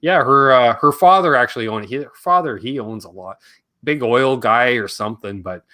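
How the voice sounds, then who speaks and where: A man's voice: mid-range voice, brisk, sharp tone. A Canadian man hosting a live Q&A stream, casual and rambling, joking around and reading chat comments aloud.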